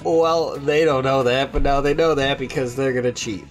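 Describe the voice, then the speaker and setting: A man's voice: medium pitch, fairly even intonation, moderate pace, over music. A man playing a tabletop game, playful and often laughing. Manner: giggly, playful. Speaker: player. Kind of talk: casual tabletop play.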